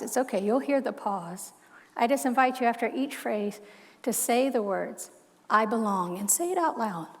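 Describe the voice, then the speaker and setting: A woman minister preaching a heartfelt sermon in a soft, measured voice. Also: fairly high pitch. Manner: heartfelt, soft-spoken, slow measured reading. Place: church sanctuary. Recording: long church hall reverb.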